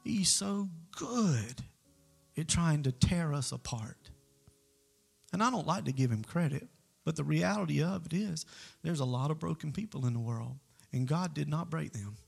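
Gravelly man preaching a story. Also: on the high side, moderate pace, darkish tone, faint music behind. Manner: conversational, earnest. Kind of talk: sermon storytelling.

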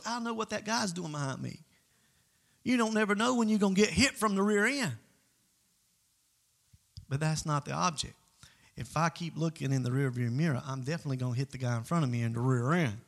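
Gravelly preacher man. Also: fairly high pitch. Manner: emphatic, swings between loud calls to the congregation and quiet asides. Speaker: pastor. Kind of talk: sermon.

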